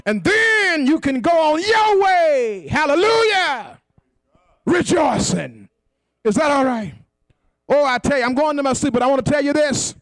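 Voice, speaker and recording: A male preacher, delivering a sermon in a whooping, sing-song cadence, often shouting and asking the congregation for response. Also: extremely high pitch, very animated, a little slow, dry recording, clean studio sound.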